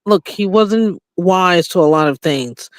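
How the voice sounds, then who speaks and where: A woman's voice: fairly low pitch, animated, measured pace, no echo. A woman chatting casually as a co-host, commenting and repeating phrases with mocking quotes.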